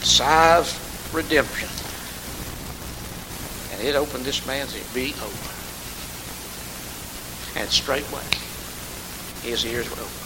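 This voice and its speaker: A man's voice: medium pitch, slow, pauses often. A man preaching a sermon, rising to emphatic call-and-response and calling on congregation members by name. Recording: hissy recording in a reverberant hall.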